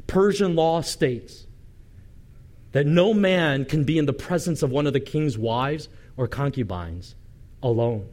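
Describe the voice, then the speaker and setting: A male pastor preaching a sermon, reading scripture dramatically and telling the story with lively asides and light humor. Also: a little high.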